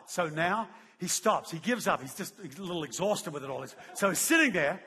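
Husky, animated preacher in a big hall. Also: male voice, high-pitched, moderate pace. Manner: animated storytelling, laughing. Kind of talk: sermon. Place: large church hall. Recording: long hall reverb.

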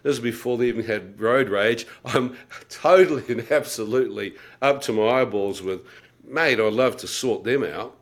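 A middle-aged man tells his personal testimony with a wry, self-mocking humour. He acts out his own thoughts vividly as he goes, and his pitch sits in an ordinary middle register for a man. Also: normal speed. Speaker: guest telling his conversion story.

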